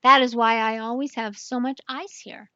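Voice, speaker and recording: A woman's voice: on the high side, steady tone, normal speed, pushed and bright, clean tone, no room sound, dull audio. A woman reading as a mild jungle king. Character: gentle, easily impressed male jungle king.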